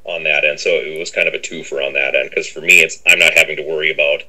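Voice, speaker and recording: A middle-aged man with a very low, deep voice talks through an interview in a loose, rambling way. His tone is bright and forward. He fills the gaps with ums and keeps circling back to the same stock phrase. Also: little pitch movement, quick pace, poor audio. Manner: rambling, with many fillers and a habit of repeating "on that end". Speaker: interview guest. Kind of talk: casual interview talk.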